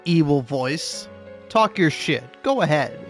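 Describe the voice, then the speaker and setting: A man's voice: fairly high pitch, animated, takes it slowly. Young male gameplay commentator: sarcastic, rambling, stammering, light game music underneath.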